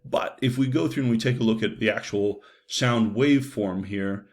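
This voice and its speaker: Chatty male lecturer, low voice. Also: normal speed. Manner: loose and conversational, many fillers and "right?" checks. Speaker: psychology lecturer. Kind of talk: recorded university lecture.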